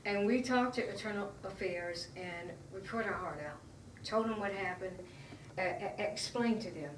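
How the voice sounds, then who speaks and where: A woman giving an emotional, halting personal account as an interviewee. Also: medium pitch. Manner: earnest, emotional, halting retelling. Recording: roomy, distant mic, faint noise.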